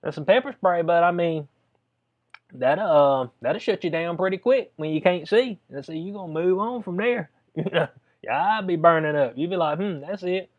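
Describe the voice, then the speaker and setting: A man's voice: a little high, animated, normal speed. A man giving casual spoken commentary, reading a letter aloud and reacting in a drawling, conversational way. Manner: drawling, conversational, addresses listener as "bud". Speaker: video commentator. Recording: dull lo-fi sound.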